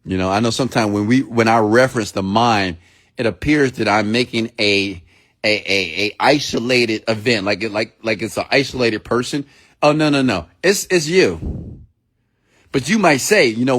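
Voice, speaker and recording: A man's voice: mid-range voice, moderate pace, fairly bright tone. A man giving a motivational sermon-style talk, blunt and preachy, who swears freely and repeats himself for emphasis. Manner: addresses listeners directly with questions. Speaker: motivational speaker.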